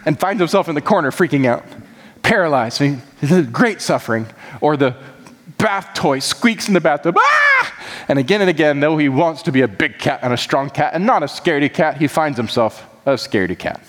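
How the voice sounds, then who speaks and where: A man's voice: a little high, expressive, fairly quick. Impassioned pastor man preaching in a hall. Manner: impassioned, repetitive, builds emphatically. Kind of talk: sermon.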